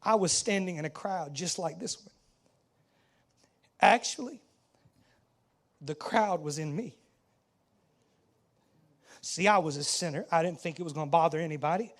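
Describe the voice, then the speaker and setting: A man with a Southern US accent preaching a dramatic first-person sermon monologue in church, swinging between hushed asides and shouting. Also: high-pitched, measured pace, long pauses. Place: church sanctuary.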